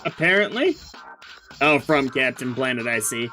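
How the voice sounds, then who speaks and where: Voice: mid-range voice, moderate pace, fairly bright tone, faint music behind. A reader going through a webcomic aloud, mixing narration with casual, profane commentary. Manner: casual, profane, laughs often. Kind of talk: reading a comic aloud with commentary.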